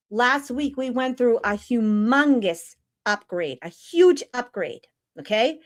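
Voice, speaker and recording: A woman's voice: fairly high pitch, a bit bright. Earnest woman hosting a live spiritual talk. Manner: earnest, repeats phrases, asks "right?" and "okay?" often; reads slow guidance lines, then talks freely.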